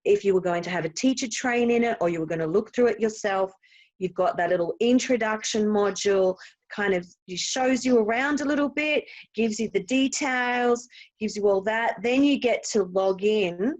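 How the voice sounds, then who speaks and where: A woman's voice: medium pitch, moderate pace, low-quality recording. A woman from Australia, a guest in a podcast interview, explaining things in a bubbly way and laughing readily. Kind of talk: casual interview chat.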